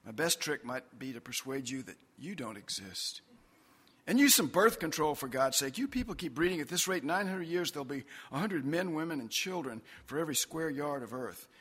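A man's voice: fairly high pitch, animated, normal speed, fairly bright tone, husky, long reverb tail, pitched above the performer's own voice. A man voicing a wry, casual male devil chatting in an airport, in a laid-back, sardonic way.

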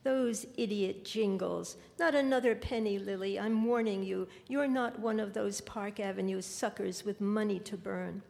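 A woman's voice: mid-range voice, steady tone, normal speed, creaky, few pauses, darkish tone, natural voice. Woman reading as a scornful grumbling father. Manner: mocking, scolding. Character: scornful middle-aged father, grumbling at money. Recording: long hall reverb.

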